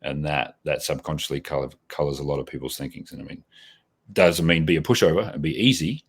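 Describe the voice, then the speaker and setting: Very deep-voiced Australian man in his forties. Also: a little fast, slightly rough. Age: 40s. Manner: reflective, with many restarts and tag questions. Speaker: podcast guest. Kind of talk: casual interview answers.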